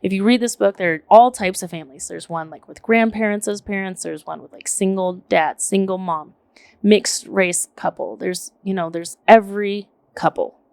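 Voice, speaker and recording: A woman in her thirties chatting casually on a podcast, telling stories in an animated way with lots of "like" and "literally", swearing now and then. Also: mid-range voice, normal speed, creaky, clear, resonant tone, dry recording. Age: 30s. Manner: animated, filler-heavy storytelling with frequent "like" and "literally". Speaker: podcast co-host. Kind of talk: casual chat.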